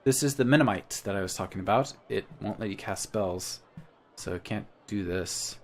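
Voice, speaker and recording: A man's voice: fairly low pitch, moderate pace. A man playing a text game, reading its story aloud and adding casual comments in between. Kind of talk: let's-play narration and commentary.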